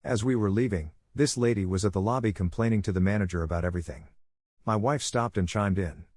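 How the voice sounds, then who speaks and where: Low-voiced man, steady story reading. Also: quick pace, dry recording, studio quality. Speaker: narrator.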